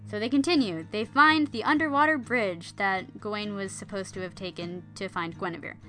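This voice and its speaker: Bright-voiced woman telling a story playfully. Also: medium pitch, normal speed, soft background music. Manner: playful, jokey asides to listeners. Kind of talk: casual storytelling.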